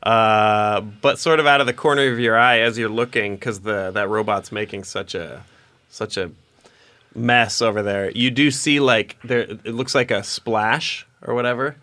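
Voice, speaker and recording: A man's voice: fairly low pitch, steady tone, unhurried, sharp tone. A man narrating a tabletop game as dungeon master, rambling with lots of fillers. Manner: rambling, many fillers and restarts.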